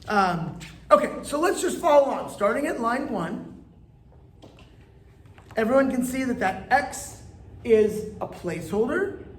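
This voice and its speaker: Playful and talkative, a male rabbi runs a live classroom lesson and coaxes his students into answering. His voice is very high and fairly bright, recorded in an echoey room with faint ambient noise.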